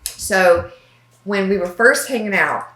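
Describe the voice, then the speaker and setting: A young woman co-hosting a casual chat, telling animated, giggly stories. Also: mid-range voice, slow, roomy sound, background noise. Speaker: co-host.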